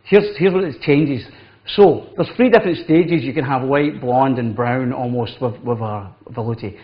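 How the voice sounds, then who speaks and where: A man's voice: medium pitch, normal speed. A man, a chef walking through a cooking demonstration in a chatty, instructive way. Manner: chatty, instructive, says "wee" often. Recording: dull lo-fi TV audio.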